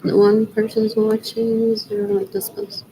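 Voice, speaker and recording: Woman streamer, gravelly and higher-pitched, rambling and repetitive, dips into whispers. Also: flat delivery, unhurried, slight background noise, rough recording. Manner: drifts between loud talk and near-whispers; rambling, repeats filler questions to herself. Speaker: livestreamer. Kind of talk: rambling solo livestream chat.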